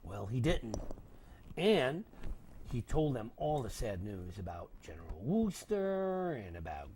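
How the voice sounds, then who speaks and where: An older man telling a story to children, dramatic and animated, dropping to whispers and acting out voices. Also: medium pitch, slow pace, a little hiss or hum.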